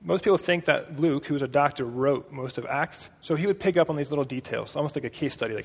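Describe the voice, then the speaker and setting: A man's voice: a little high, fast talker, creaky, hardly any pauses, husky, big-room sound. A man preaching a casual, storytelling sermon with a conversational manner and joking asides.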